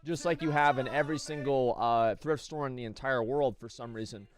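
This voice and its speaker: A man's voice: mid-range voice, fairly quick, faint music behind. An American man telling a long story on stream, rambling and swearing with many fillers. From United States. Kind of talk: casual storytelling.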